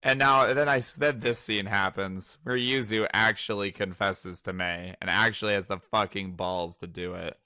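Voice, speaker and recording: A young man talks through manga chapters in a loose, profane rush, with a slightly low but bright, cutting voice. The sound is dry and close, with no room around it. He gets worked up and slips into mocking voices. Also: moderate pace, hardly any pauses, clear, resonant tone, no room sound. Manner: profane, excitable, breaks into mock character voices. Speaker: podcast co-host. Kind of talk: casual chat reading manga aloud.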